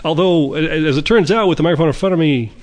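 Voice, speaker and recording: Fast-talking man rambling through a story. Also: fairly high pitch. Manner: rambling, with stammered restarts. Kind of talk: casual storytelling monologue.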